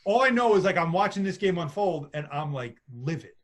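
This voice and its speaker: A man in his forties, a sports broadcaster, telling animated, self-mocking stories as a podcast guest. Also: sits high, brisk. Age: 40s. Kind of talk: casual storytelling.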